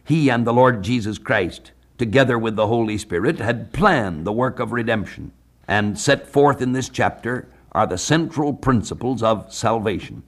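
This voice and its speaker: A man from the United States preaching a sermon on a Bible passage, measured, slowing down to read scripture aloud. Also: medium pitch. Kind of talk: radio sermon, Bible exposition.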